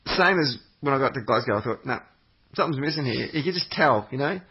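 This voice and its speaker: Husky man telling rambling stories. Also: mid-range voice, expressive, fast, dull audio. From Australia. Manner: rambling storyteller, swears freely. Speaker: podcast guest. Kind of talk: casual chat.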